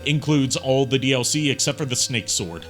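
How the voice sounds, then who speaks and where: Streamer guy, chatty and rambling, bright tone, very animated delivery. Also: mid-range voice, moderate pace, faint music behind. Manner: chatty, rambling, full of fillers and asides. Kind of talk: casual gaming stream commentary.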